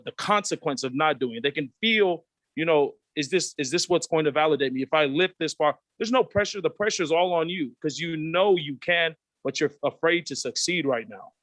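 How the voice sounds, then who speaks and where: With a fairly high pitch and fairly bright tone, and no room sound, a Pacific Islands man speaks as a guest in a candid panel over video call. He comes across reflective and earnest, acting out quoted voices as he goes.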